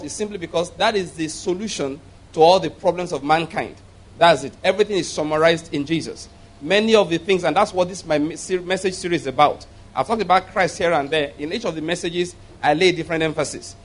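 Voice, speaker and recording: Male pastor, fairly high-pitched, emphatic and repetitive sermon delivery. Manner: emphatic, repeats and asks the audience to follow. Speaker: preacher.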